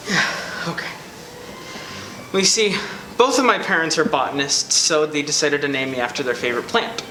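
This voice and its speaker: A woman's voice: sits low, moderate pace, noisy background, lightly acted. A young woman playing an awkward group member named after a plant, rambling through self-pitying complaints in a student sketch comedy. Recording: echoey room.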